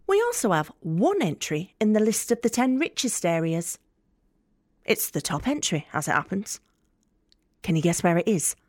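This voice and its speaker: A mouthy, angry young working-class student with a Northern English accent in a radio play. She is sardonic and blunt, and she swears freely. Her voice sits at a middle pitch, recorded dry and close. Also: dry recording. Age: young adult. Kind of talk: radio drama monologue.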